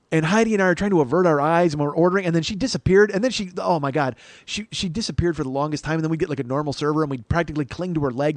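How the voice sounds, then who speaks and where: A male comedian hosts his podcast with a profane, ranting storytelling style. He talks quickly in a slightly high voice. The sound is dry and close. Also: no echo. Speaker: podcast host.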